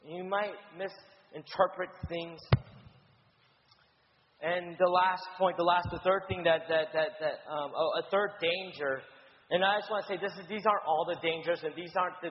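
A man preaching in a conversational teaching style, halting with stammered restarts and frequent "right?" checks. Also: a little high, fairly even intonation, in a large hall, highs cut off, slight background noise. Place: church in Houston.

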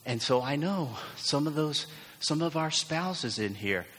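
A man's voice: fairly high pitch, lively intonation, unhurried, a bit bright, breathy edge. A man preaching a sermon as pastor, earnest and emphatic, leaning into repeated phrases. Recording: long church hall reverb.

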